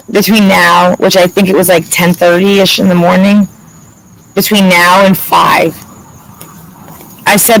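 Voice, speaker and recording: A woman's voice: medium pitch, steady tone, moderate pace, rough recording. A woman tells a story straight to the camera, still fired up about it. She swears freely and acts out each back-and-forth exchange in her own voice. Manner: heated, profane storytelling with lots of reported dialogue. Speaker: vlogger telling her side of a story. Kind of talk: casual storytime.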